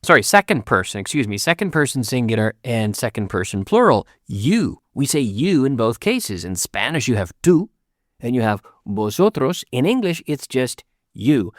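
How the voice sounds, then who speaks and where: Guy teaching english to spanish speakers, bouncy pitch, dry close mic, says lines over slow. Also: very animated, no echo. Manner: switches between English and Spanish, repeats sentences slowly for learners. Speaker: English teacher and podcast host. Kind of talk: bilingual language lesson.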